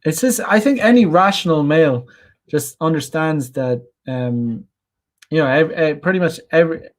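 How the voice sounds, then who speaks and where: Rambling blunt man, slightly high voice. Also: normal speed. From Ireland. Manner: rambling, many restarts and fillers, blunt and profane. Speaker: channel host. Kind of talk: casual livestream rant reading chat comments.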